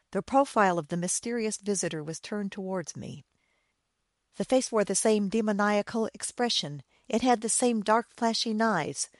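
A woman narrating a dark old story in a steady, measured reading voice. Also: medium pitch, no echo, clean studio sound. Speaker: audiobook narrator.

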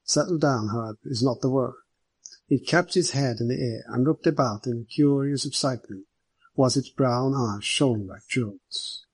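Husky-voiced male audiobook narrator. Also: mid-range voice, moderate pace, rough recording. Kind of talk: scripted narration.

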